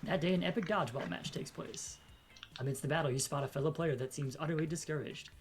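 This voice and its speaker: A woman's voice: low voice, quick pace, noisy background. A woman hosting a game stream, chatting casually and reading the game's events aloud.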